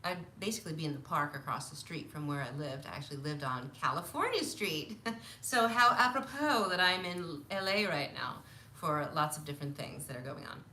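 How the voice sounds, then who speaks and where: A woman in her fifties telling stories from her childhood on a live stream, animated, laughing often and acting out what people said. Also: low-pitched, fairly quick, a little hiss or hum. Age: 50s. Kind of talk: casual storytelling on a live stream. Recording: roomy echo.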